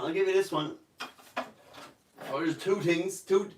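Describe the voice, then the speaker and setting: A man's voice: high-pitched, fairly even intonation, measured pace, pauses often, roomy sound, recorded from a distance, background noise. A man in his thirties with an Irish accent chatting on a live stream, joking and rambling, slipping into silly voices. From Ireland. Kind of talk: casual live-stream chat.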